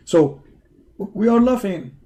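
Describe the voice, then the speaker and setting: A man with a hoarse voice hosting a live online show, delivering a heated, taunting monologue full of repeated insults and challenges. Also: high-pitched, animated, extremely slow, mellow. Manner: taunting, confrontational, repetitive insults. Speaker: online debate show host. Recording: live stream over a poor connection.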